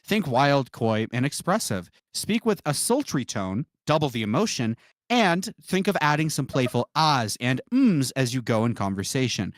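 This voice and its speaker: A man's voice: mid-range voice, big pitch swings, moderate pace, no room sound, clean studio sound. A male streamer on a live stream, talking in a pushy, demanding, mocking way.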